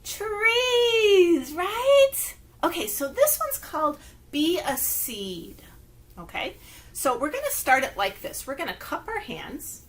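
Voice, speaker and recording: A woman's voice: high voice, huge pitch swings, a little slow, a bit bright. A woman, a children's librarian leading story time from home, talking to young children in a sing-song way. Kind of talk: children's story time with rhymes and finger plays.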